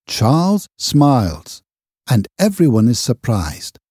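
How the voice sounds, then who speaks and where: A man narrating a simple children's reader slowly and carefully. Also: mid-range voice, huge pitch swings, darkish tone, no echo, clean studio sound. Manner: slow, clear, careful reading. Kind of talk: graded reader audiobook narration.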